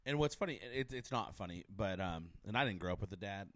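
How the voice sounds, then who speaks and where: A man's voice: on the low side, animated, quick pace, fairly bright tone, dry recording, clean studio sound. A man hosting a podcast, chatty and eager, asking long rambling questions in casual interview talk. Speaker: podcast host.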